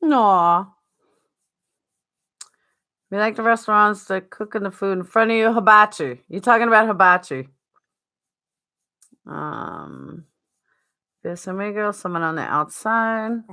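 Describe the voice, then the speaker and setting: Slow, lively New York woman streamer. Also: medium pitch, creaky. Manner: chatty, answers viewers by name. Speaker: live streamer. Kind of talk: casual live-stream chat, reading viewer comments.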